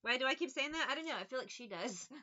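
A woman's voice: high-pitched, expressive, fast talker, pushed and bright, highs cut off. A woman giving a casual tarot reading in a blunt, profane, mocking way. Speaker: tarot reader.

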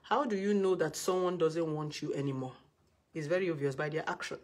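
A woman's voice: low-pitched, brisk, a little mellow. A woman with a Nigerian accent giving blunt, scolding relationship advice in a live video session.

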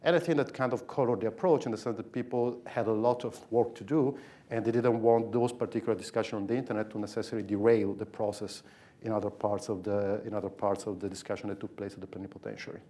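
Man from Italy, lowish voice, a measured panel speaker. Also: fairly even intonation, warm tone. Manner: measured, thoughtful, with frequent fillers. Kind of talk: panel discussion.

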